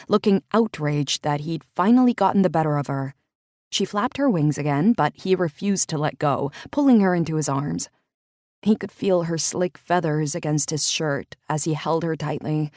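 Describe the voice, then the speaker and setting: A woman narrating a romance audiobook in a measured, intimate storytelling manner. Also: deep voice, a little mellow, no room sound, clean studio sound.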